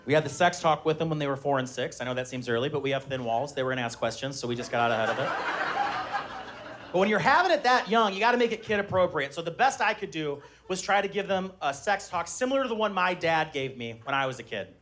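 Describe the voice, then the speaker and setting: A man in his thirties doing a stand-up comedy set live on stage, telling animated stories and shouting his children's lines. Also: fast talker, noisy background. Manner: animated storytelling, shouting high-pitched voices when acting out his kids. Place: live comedy venue with laughing audience.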